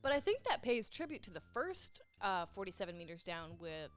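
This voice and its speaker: A woman's voice: medium pitch, brisk, soft background music. A young adult woman, a guest on a podcast, chatting casually and telling stories dramatically about films she has watched. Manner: expressive storyteller, dramatic. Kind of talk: casual chat.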